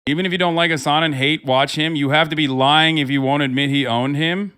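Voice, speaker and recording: A man's voice: on the high side, steady tone, a little fast, sharp tone, smooth. A man in his thirties hosting a livestream, talking in a heated, sarcastic and profane way. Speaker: livestream host. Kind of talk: casual streamer commentary.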